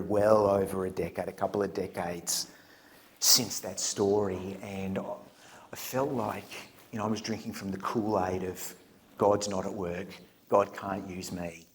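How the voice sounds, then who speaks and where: Animated man preaching a story. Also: fairly low pitch, slight background noise. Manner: animated storyteller, laughs at his own jokes, drops to whispers. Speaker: preacher at church camp. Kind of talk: storytelling sermon. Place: church camp meeting hall.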